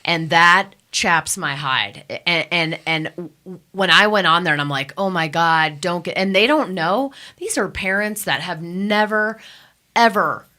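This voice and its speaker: Indignant woman with a bright voice. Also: fairly low pitch, a little slow. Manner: emphatic, indignant, storytelling with quoted voices. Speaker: cannabis testing lab owner, guest. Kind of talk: passionate radio talk. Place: radio studio.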